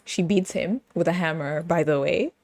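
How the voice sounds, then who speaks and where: A British woman hosts a podcast, chatting casually and playfully with frequent laughter and sing-song bits. Her voice is fairly low and darkish in tone, at a moderate pace.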